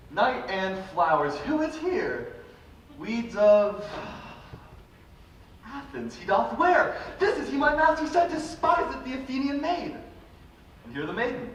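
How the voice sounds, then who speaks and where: A man's voice: high voice, exaggerated voice. A man playing a mischievous male fairy sprite in a live school stage play, with a sing-song, swooping delivery. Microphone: distant room mics. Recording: echoey hall from far off. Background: soft fiddle music.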